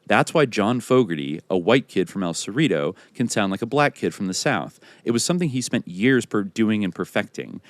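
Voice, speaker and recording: Male podcast host, very low voice, lively delivery, dry close sound. Reads biography passages aloud. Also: brisk, hardly any pauses, no room sound.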